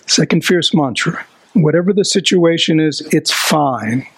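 A man's voice: a little high, unhurried, slightly rough, no room sound, rough recording. A man giving a Buddhist dharma talk. He keeps asking his listeners questions and drops into a whisper to stress a point. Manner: animated, asks the audience rhetorical questions. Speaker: dharma teacher.

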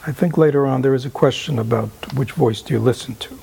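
A man giving a meditation talk and answering questions, halting with many fillers and asking "right?" often, sometimes dropping to a whisper. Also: medium pitch, creaky, mellow, slight background noise. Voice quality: often drops to an unvoiced whisper. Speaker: meditation teacher.

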